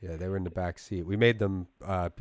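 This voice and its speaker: A man's voice: sits low, steady tone, brisk, no echo. A man co-hosting a casual podcast, enthusiastic and laughing often as he chats with a guest. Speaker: podcast co-host.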